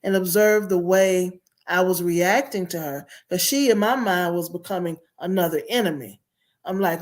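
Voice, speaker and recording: A woman's voice: on the low side, animated, moderate pace, a little mellow. A middle-aged woman guest telling her childhood story in an earnest, reflective way. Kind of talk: personal storytelling.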